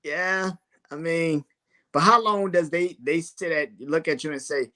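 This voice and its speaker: A man in casual sports talk who is blunt and swears freely, chuckling between his remarks. His voice sits a bit high and sounds bright and forward. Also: unhurried. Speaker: sports podcast co-host.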